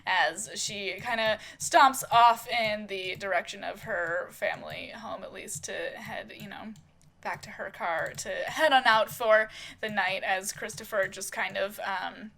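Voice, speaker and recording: A woman's voice: medium pitch, steady tone, unhurried, creaky, pushed and bright. A woman casually narrating a soap opera story, rambling with many fillers. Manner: rambling, full of fillers and hedges.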